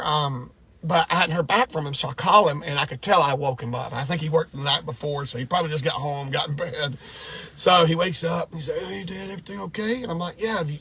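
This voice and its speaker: A middle-aged deer hunter from Georgia, USA, with a high-pitched, slightly bright, husky voice, tells a hunting story in an emotional storytelling vlog. He rambles, restarts and repeats himself, choked up.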